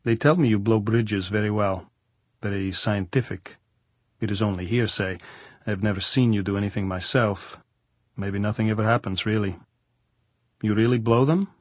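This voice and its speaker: A man's voice: lowish voice, fairly even intonation, moderate pace, no echo, natural voice. A man voicing a blunt middle-aged general who teases dryly in stiff, formal broken English, in an audiobook. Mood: dryly teasing.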